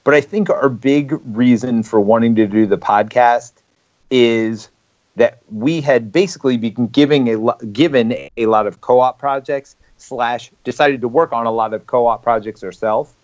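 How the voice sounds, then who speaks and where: A man's voice: medium pitch, unhurried, a little mellow. A man, a board game designer co-hosting a podcast live stream, talking in an easygoing way. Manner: easygoing, laughs along. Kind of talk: casual live stream chat. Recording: dull lo-fi stream audio.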